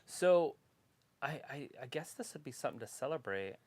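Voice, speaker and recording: A man's voice: medium pitch, animated, normal speed, a little mellow. A man co-hosting a casual livestream watch-along, tossing out offhand, laid-back opinions.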